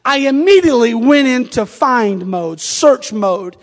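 High-pitched pastor guy in his 40s, jokey stories then shouting fervently, church echo hanging around. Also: a little slow, few pauses. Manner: humorous storytelling rising to fervent shouting. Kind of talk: sermon with personal story. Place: church sanctuary. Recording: long reverb of a church sanctuary.

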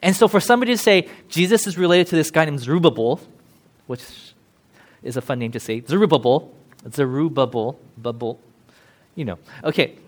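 A man's voice: a little high, quick pace. A man, a pastor, preaching a casual, chatty sermon, laughing often and acting out quoted voices.

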